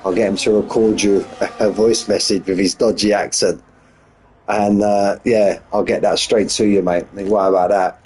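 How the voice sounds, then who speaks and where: A man's voice: on the low side, fairly even intonation, normal speed, darkish tone, a little hiss or hum, low-quality recording. A young man giving chatty, joking live commentary on an online sim race. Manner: chatty, jokey banter with drivers.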